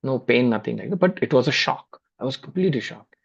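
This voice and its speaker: A man's voice: mid-range voice, lively intonation, fast, gravelly, husky. Man with Indian accent, dull video call. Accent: Indian English. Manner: anecdotal, repeats words, conversational. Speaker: spiritual class speaker. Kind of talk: storytelling in a spiritual talk.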